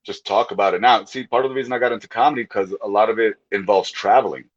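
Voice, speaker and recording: A man's voice: fairly low pitch, fast. Rambling, profane young man on a lo-fi podcast. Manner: rambling, profane, frequent restarts and laughs. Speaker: comedian guest. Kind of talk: casual podcast chat. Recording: slightly muffled lo-fi audio.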